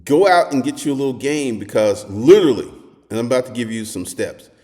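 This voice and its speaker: Blunt, crude man with a lively voice. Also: mid-range voice, fairly quick, in a large hall. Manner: crude, animated storytelling, swings to shouting. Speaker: dating advice host. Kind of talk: blunt monologue.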